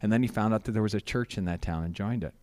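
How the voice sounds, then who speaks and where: A man preaching through a personal story, halting and repeating words as he acts out what others said. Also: on the low side, darkish tone. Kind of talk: sermon storytelling.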